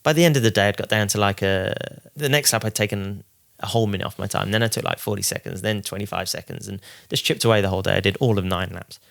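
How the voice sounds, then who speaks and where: A man, a racing driver guest on a podcast, telling casual stories in a lively way, often acting out what other people said. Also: on the low side, quick pace, vocal fry, hardly any pauses. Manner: lively, quotes others mid-story. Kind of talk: casual anecdotal storytelling.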